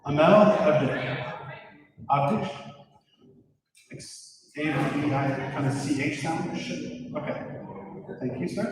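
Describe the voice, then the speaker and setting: A man's voice: on the high side, slow, pauses often, slight background noise. A man calling out students' names and giving upbeat instructions at a school graduation rehearsal in a large gym. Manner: upbeat, directive, stumbles over names and apologizes. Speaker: school staff member running graduation rehearsal. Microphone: far from the speaker. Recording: echoey gym from far off.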